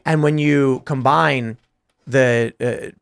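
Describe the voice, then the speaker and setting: A man's voice: mid-range voice, steady tone, slow pace, creaky. A man hosting a casual panel talk show, telling a story and acting out both sides of a conversation. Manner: thinking aloud through abstract ideas. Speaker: podcast host.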